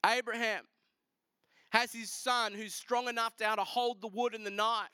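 A man preaching a sermon, retelling a scripture story in a lively, casual way with asides to the congregation. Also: very high-pitched, moderate pace, smooth, no echo. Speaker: pastor.

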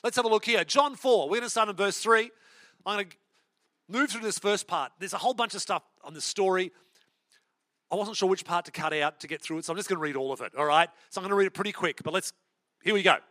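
A man preaching a sermon, telling a Bible story in a chatty, animated way with asides. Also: high voice, fast talker, dry recording. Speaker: pastor.

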